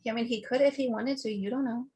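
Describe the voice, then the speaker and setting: A woman co-hosting a podcast, chatting casually and telling a story in an animated, profane way. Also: on the high side, quick pace, breathy edge, low-quality recording. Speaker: podcast co-host. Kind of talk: casual chat.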